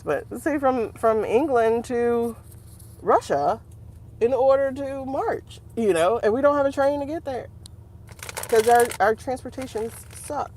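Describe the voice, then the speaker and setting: A woman's voice: a little high, a little hiss or hum. A woman hosting a casual livestream as a tarot reader, chatting to her viewers and laughing often. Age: adult. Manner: chatty, animated, laughs often, talks to the chat.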